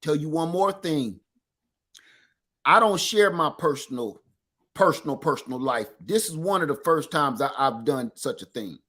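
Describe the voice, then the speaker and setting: High bright-voiced east texas guy, animated folksy storyteller on a livestream chat. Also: moderate pace. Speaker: livestream co-host. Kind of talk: casual chat.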